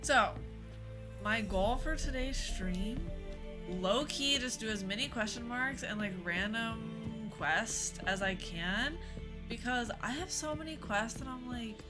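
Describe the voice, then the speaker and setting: A young woman chatting casually with viewers during a game live stream, bubbly and quick to laugh. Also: a little high, over music.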